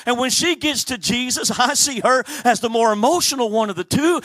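A man's voice: extremely high pitch, fairly quick, few pauses, a bit bright, no room sound. A man preaching a sermon, telling the story with animation and acting out the characters.

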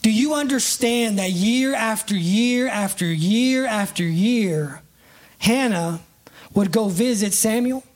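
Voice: medium pitch, slow pace. Chatty preacher asking "right?". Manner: peppers talk with "right?" and "you know"; casts listeners in live illustrations. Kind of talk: conversational sermon.

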